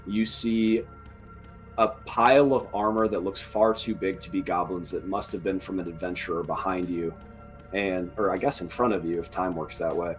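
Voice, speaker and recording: A man narrating as dungeon master in a joking, relaxed manner. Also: sits low, normal speed, faint music behind. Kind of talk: narrating a tabletop game.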